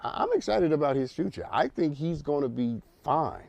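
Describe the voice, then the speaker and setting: A man's voice: fairly high pitch, big pitch swings, moderate pace, creaky, a little mellow, no echo, muffled recording. A man hosting a counseling talk show, speaking emphatically in a preacherly way and repeating words as he builds a point.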